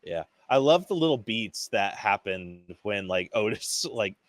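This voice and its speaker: Excitable man gushing over a movie. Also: fairly low pitch, a little slow, no room sound. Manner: excitable, swears often, acts out scenes in quoted voices. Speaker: podcast co-host. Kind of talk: casual movie review chat.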